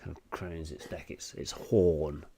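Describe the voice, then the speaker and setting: A man's voice: a bass voice, steady tone, unhurried, mellow, a little hiss or hum. A man narrating a tabletop game as game master, loose and hesitant with plenty of ums. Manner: loose, hesitant, lots of ums and kind-ofs.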